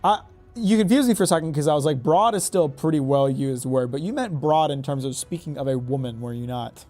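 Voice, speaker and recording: A man rambling through casual gameplay commentary with a fairly high but mellow voice. He jokes and trips over his own sentences, restarting often. Quiet game music plays underneath. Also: fairly quick. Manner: rambling, joking, self-correcting. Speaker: gaming YouTuber.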